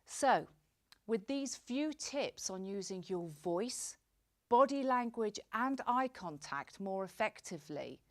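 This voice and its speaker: A woman gives a clear instructional talk to camera on presentation skills. She acts out short examples as she goes. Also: mid-range voice, lively intonation, takes it slowly.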